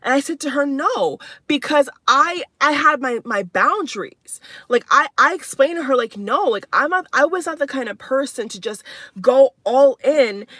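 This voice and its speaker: A young woman in her twenties talks straight to camera in a personal vlog. Her voice is bright and forceful and sits a little high. She presses her points with repetition and a steady stream of "you know" and "like", recorded close and dry. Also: normal speed, dry recording. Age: 20s. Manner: emphatic, repeats herself, fillers like "you know". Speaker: spiritual vlogger. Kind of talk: candid personal monologue.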